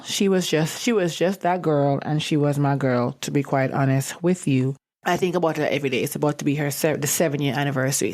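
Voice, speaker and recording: A young woman with a low voice hosts her own podcast in a somber, reflective monologue. Her talk is personal and openly emotional, and she sounds close to tears. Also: a little mellow. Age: young adult. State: teary. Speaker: podcast host.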